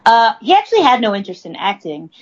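A woman's voice: on the high side, big pitch swings, quick pace, slightly rough, lo-fi sound. A woman co-hosting a casual chat, reading from notes, laughing often and stumbling over words. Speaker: podcast co-host.

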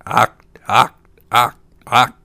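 A man voicing stubborn pond frogs that croak the same sound over and over in a fairy tale reading. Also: mid-range voice, little pitch movement, slow, pushed and bright, dry recording, clean studio sound, pitched above the performer's own voice, exaggerated voice.

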